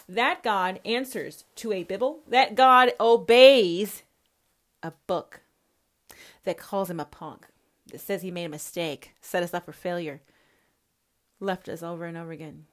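Unhurried and lowish in pitch, a female podcast host speaks directly to her audience in a combative monologue, cursing constantly.

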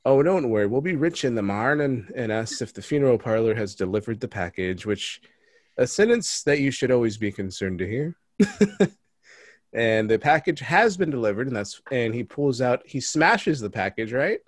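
A man's voice: mid-range voice, big pitch swings, normal speed, no room sound, clean studio sound. Jokey man hosting a podcast. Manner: jokey, laughs often, recaps with restarts. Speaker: podcast host. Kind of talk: casual podcast chat.

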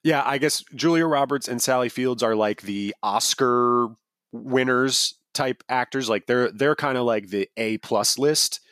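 A man's voice: medium pitch, a little slow, a bit bright, dry recording. Rambling man, dry close sound. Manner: rambling, many fillers and restarts. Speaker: podcast co-host. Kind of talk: casual chat.

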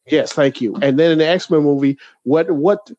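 A man's voice: a little high, moderate pace, dry recording, muffled recording. A man co-hosting a podcast, ranting in casual chat with lots of restarts. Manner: animated, ranting, many restarts. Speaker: podcast co-host.

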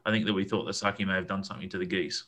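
A man's voice: deep voice, steady tone, very fast, a bit bright. A man, telling a long, rambling camping story in a casual chat, with lots of fillers and repeated words.

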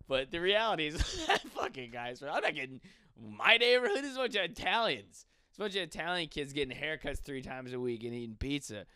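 Animated, profane young comedian man. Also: mid-range voice, brisk, clear, resonant tone, no room sound, studio quality. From western New York. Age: 20s. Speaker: stand-up comedian. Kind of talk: casual podcast rant.

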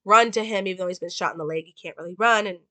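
A woman's voice: medium pitch, rapid-fire, bright, forceful tone, no room sound. A woman giving a casual analysis and plot recap of a film, talking loosely with many "like" and "um" fillers.

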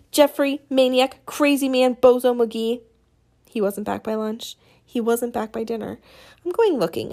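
Woman narrating an audiobook, mid pitch. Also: vocal fry. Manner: lively storytelling, voices characters. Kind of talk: scripted narration.

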